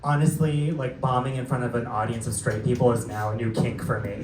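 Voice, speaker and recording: A young man doing a live stand-up set, telling stories in a camp, sassy way with quick asides. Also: medium pitch, fairly even intonation, background noise. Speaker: stand-up comedian. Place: theater stage before a laughing crowd. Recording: roomy live theater sound, mic distant, crowd audible.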